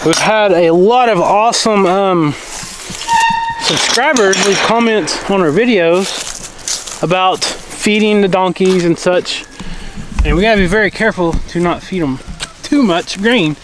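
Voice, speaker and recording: A man's voice: sits high, measured pace, noisy background. A man chatting casually to the camera as he feeds his farm animals outdoors, often talking to the animals themselves. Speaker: farm vlogger.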